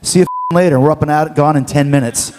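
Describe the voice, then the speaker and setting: A man from Canada, a guest telling stories in an interview, lively and acting out quotes with bits of swearing. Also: fairly high pitch, fast, in a large hall, noisy background. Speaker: interview guest, former wrestler. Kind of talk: animated storytelling.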